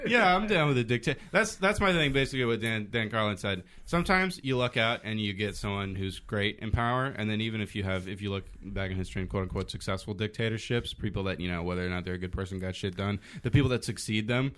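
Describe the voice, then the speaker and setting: A man's voice: fairly low pitch, a bit bright, clean tone. A young man co-hosting a comedy podcast, wry and teasing in casual chat. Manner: wry, teasing, quick jokes. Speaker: podcast co-host.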